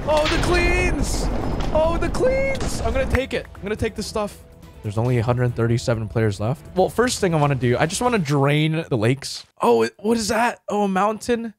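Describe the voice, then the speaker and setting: A man's voice: on the high side, very animated, brisk. A young man giving playful, teasing gaming commentary as he hosts a server event, full of gleeful exclamations. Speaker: Minecraft YouTuber hosting a server event. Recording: voice over loud background music.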